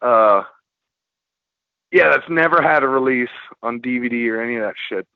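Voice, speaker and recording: A man chatting casually on a podcast as a film distributor guest, rambling and swearing a lot as he tells animated stories. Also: mid-range voice, moderate pace, gravelly, no room sound. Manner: profane, rambling, animated storytelling. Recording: muffled lo-fi podcast audio.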